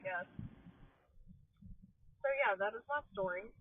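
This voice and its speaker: A woman's voice: mid-range voice, expressive, slow pace, narrow, tinny audio, heavy background noise. A young woman hosting a podcast, telling a rambling story in casual chat from inside a car, swearing and amused at herself. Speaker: podcast host.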